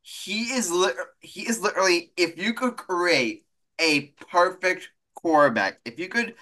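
Man, sports podcast co-host, casual debate, emphatic, repeats himself, somewhat high voice, bright sharp tone. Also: a little slow. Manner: emphatic, repeats and restarts phrases.

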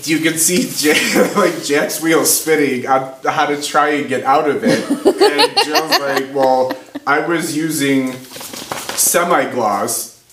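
A man's voice: on the high side, takes it slowly. A man, a podcast guest, telling a story in casual chat, laughing as he goes and acting out the people in it. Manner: animated, laughs through his stories. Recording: roomy with faint background noise.

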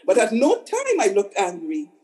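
Older woman, therapist guest, mid pitch, conversational, repeats words for emphasis. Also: wildly swooping pitch, normal speed, mellow, low-quality recording. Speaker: psychotherapist guest. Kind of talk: conversational storytelling.

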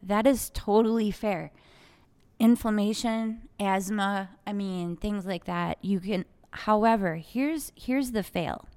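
This young co-host, owner of an aromatherapy shop, tells a lively, gabby tale about a shopper and plays both sides of the conversation during a casual chat. Her mid-range voice comes across clean, and she takes it slowly.

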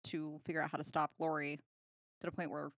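A woman co-hosting a casual podcast chat, animated, with frequent "like" fillers and casual swearing. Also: low-pitched, fairly quick, no room sound, clean studio sound. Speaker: podcast co-host.

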